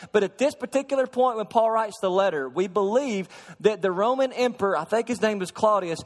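Pastor preaching in a reverberant sanctuary. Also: male voice, sits high. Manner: swings from soft explaining to loud preaching; asks the congregation questions. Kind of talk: sermon. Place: church sanctuary. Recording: long hall reverb.

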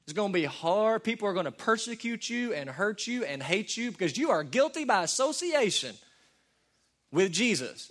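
Animated man preaching a sermon. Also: high-pitched, normal speed. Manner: animated, swings between loud emphatic peaks and quiet asides; preaches verse by verse, folksy and conversational. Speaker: pastor.

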